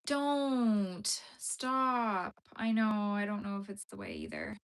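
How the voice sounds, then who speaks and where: Young woman, live-stream host, easygoing chat while crocheting, mid-range voice, answers viewers, trails off into soft asides. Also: medium pitch, wildly swooping pitch, brisk, smooth. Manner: chatty, answers viewer comments as she works.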